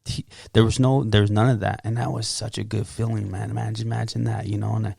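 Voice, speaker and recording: A man as podcast guest, sharing his testimony in casual talk, animated and acting out his own quotes. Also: on the low side, quick pace, creaky, breathy edge, dry recording, studio quality.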